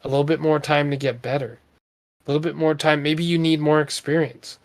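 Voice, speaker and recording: A man's voice: on the high side, little pitch movement, fairly quick. A man in his thirties co-hosting a podcast, talking in an earnest, rambling way with lots of fillers. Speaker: podcast co-host. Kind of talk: casual motivational talk.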